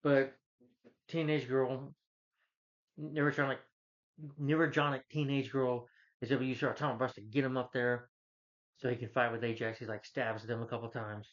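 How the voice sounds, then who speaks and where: A man recapping a movie in a loose, rambling way, chuckling as he goes and restarting sentences. He keeps an ordinary middle pitch but lifts it to act out quoted lines. The recording is dull and lo-fi. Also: little pitch movement, normal speed, pauses often. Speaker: movie reviewer. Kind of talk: casual plot recap.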